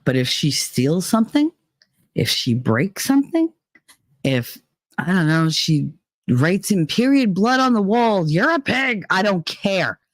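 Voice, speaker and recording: A woman on a casual livestream chat, hosting, speaks in a lowish, sing-song voice a little slowly, with no room sound. Even so, she vents bluntly and heatedly, swearing heavily throughout.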